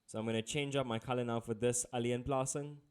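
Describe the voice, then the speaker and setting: A man's voice: medium pitch, steady tone, quick pace, smooth. A man, tutoring in a casual, playful way with jokey asides. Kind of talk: casual exam-prep lesson.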